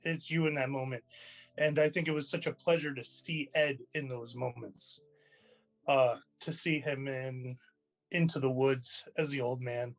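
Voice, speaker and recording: A man sharing a chatty, lively personal story in a tribute to a theater colleague, with many restarts and fillers. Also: mid-range voice, a little slow, soft background music, low-quality recording. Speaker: theater company member giving a tribute. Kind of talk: personal anecdote, casual storytelling.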